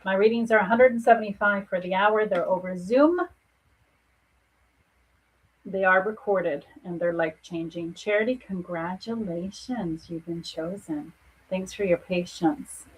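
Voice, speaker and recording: Breathy woman giving soothing psychic readings. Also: mid-range voice, a little slow, low-quality recording. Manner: soothing, earnest, reassuring. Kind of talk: live spiritual reading to viewers.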